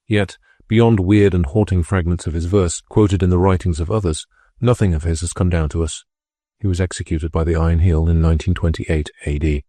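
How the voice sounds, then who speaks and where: A man reading a classic novel aloud as an audiobook narrator, in a measured, steady storytelling manner. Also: sits low, no room sound, studio quality.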